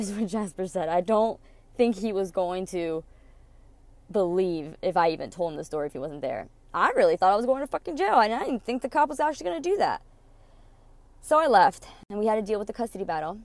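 A young woman tells a personal story on her podcast, blunt and casual, swearing freely and acting out each quoted line. Her voice sits at an ordinary middle pitch. The recording is close-miked and dry, with no room sound. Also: big pitch swings, brisk, no room sound. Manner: candid, swears freely, acts out quoted dialogue. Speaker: podcast host.

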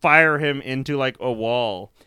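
A man co-hosting a casual movie chat, animated and profane, often breaking into mock screams. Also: medium pitch, a little slow, clean tone, no echo, clean studio sound.

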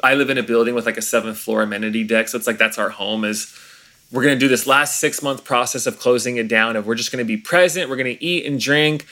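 A man, a pastor, talking in an earnest, reflective way during an interview, often pausing and restarting his sentences. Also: mid-range voice, bright, forceful tone.

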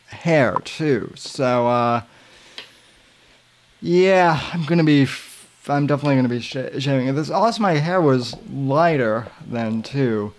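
A man hosting a podcast, giving casual commentary in a halting way with many filler sounds and restarts. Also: on the high side, heavy background noise. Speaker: podcast host.

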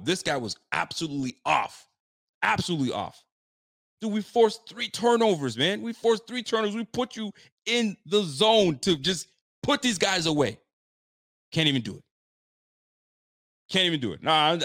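Speaking in a higher-than-usual, somewhat bright voice, a male sports fan commentator reacts to the game with blunt frustration. He repeats himself and leans on casual slang.

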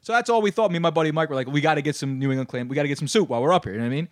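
A man's voice: fairly high pitch, racing, no echo, clean studio sound. A man co-hosting a talk show, teasing and telling stories in casual banter. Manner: teasing, storytelling. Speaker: co-host.

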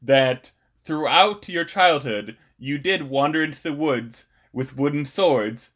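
A man co-hosting a podcast chats casually in a slightly high, fairly bright voice at a slow pace. He rambles and hesitates, with many restarts and fillers.

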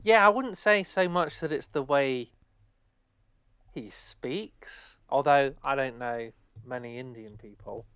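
A man's voice: mid-range voice, slow, fairly bright tone, clean tone, no room sound. A young man in his twenties from England, co-hosting a podcast in casual, rambling chat full of fillers. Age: 20s. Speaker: podcast co-host.

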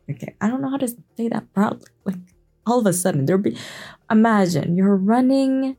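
Give me a hesitant, chatty woman reading a bedtime fantasy story in a mellow, dark voice. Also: a little high, expressive, brisk, gravelly, faint music behind. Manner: laid-back, hesitant, self-interrupting. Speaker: bedtime reader. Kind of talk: late-night fantasy reading with chatty asides.

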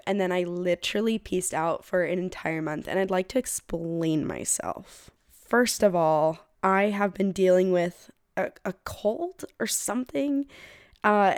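A woman's voice: mid-range voice, clean tone, no room sound. Young woman podcast host, sick with a cold, rambling and self-deprecating, close dry mic, mid-range voice. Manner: chatty, rambling, self-deprecating, laughs often. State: sick with a head cold, runny nose. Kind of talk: casual solo podcast chat.

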